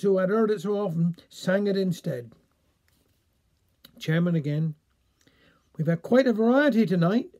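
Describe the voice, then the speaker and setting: A man's voice: sits high, dark tone. A man with a Cornish accent reading a dialect story, playfully voicing the villagers.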